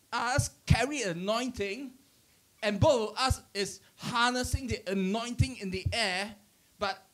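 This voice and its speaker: A middle-aged pastor's high voice carries a conversational church teaching. Animated storytelling fills it, along with chuckles and many restarted sentences.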